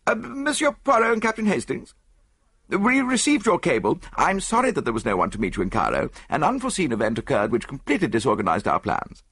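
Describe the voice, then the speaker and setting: A man's voice: on the high side, huge pitch swings, a little fast, fairly bright tone, slightly rough, dry recording, pitched above the performer's own voice, full character voice. A male narrator voices a grave, steadfast British museum expert who speaks politely and formally, in a raised voice above his own.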